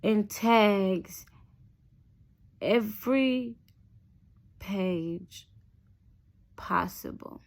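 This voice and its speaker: A woman's voice: medium pitch, drawn-out words, creaky, pauses often. A young adult woman telling a personal story in a casual, chatty vlog, often addressing her viewers directly. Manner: chatty, animated, keeps addressing viewers as "y'all".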